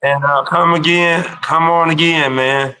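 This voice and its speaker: A man's voice: a little high, fairly even intonation, a little slow, bright, forceful tone, smooth, low-quality recording. A man hosting a casual interview in a laid-back, informal way. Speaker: podcast host.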